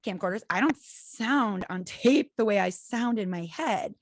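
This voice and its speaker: Animated woman podcast host, dry sound. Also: mid-range voice, measured pace, no echo. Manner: animated, laughs often, acts out quoted voices. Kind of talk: casual chat.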